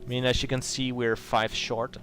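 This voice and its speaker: A man's voice: mid-range voice, little pitch movement, moderate pace, music in the background. A man hosting a let's play, reading game text aloud and adding rambling asides. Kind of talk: narrating a video game playthrough.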